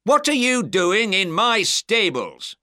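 A man voicing a gruff, wary male innkeeper in a storybook reading, blustering and defensive. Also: a little high, huge pitch swings, takes it slowly, bright, forceful tone, no room sound, clean studio sound, voice pushed up, exaggerated voice. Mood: angry.

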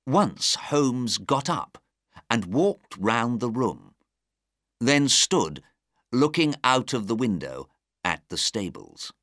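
Slow careful storybook reading guy, bright voice, dry room. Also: medium pitch, no room sound. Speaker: narrator.

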